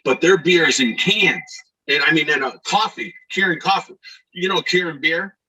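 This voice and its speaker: A middle-aged man from Scranton, a guest telling animated stories about his days as an actor, acting out the lines of the people in them. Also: on the high side, normal speed, husky. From Scranton, Pennsylvania, USA. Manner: animated storyteller who acts out shouted quotes. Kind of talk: casual interview storytelling. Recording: voice a bit far from the mic.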